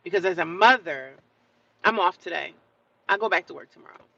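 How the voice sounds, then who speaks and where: A woman talks into her phone on a casual livestream, her voice bright and forward. She chats loosely with her viewers, greets them by name and repeats phrases as she works through her thoughts. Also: fairly low pitch, animated, fairly quick, gravelly, muffled recording. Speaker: livestream host.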